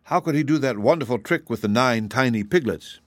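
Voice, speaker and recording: A man's voice: mid-range voice, lively intonation, a little fast, dry recording, lightly acted. A man voicing a curious, thoughtful young boy asking questions in an audiobook reading.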